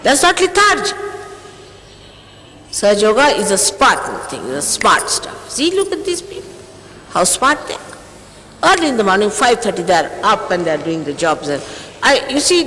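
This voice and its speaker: A woman's voice: on the high side, very animated, fairly quick, a bit bright, a little hiss or hum. Stern woman in her sixties scolding. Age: 60s. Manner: stern, reproachful, emphatic rhetorical questions. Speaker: spiritual teacher. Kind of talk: scolding address to followers. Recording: echoey hall with long reverb, faint ambience, 1980s archive tape.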